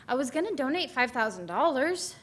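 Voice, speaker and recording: A man's voice: very high voice, big pitch swings, a little fast, a bit bright, pitched above the performer's own voice, heavily acted. Female minister voicing a man asking a pastor to bury his dog, plain everyday delivery. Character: grieving man wanting a dog funeral.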